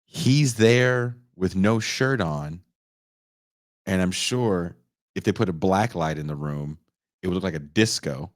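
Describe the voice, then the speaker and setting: A man in his forties casually reviewing a film, profane and animated, acting out the characters' lines. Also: sits low, measured pace, dry recording, clean studio sound. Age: 40s. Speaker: podcast host reviewing a film.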